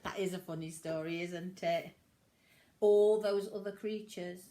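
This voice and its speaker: A woman reading a picture book aloud to children in an animated, sing-song storytelling way. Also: lowish voice, a little slow.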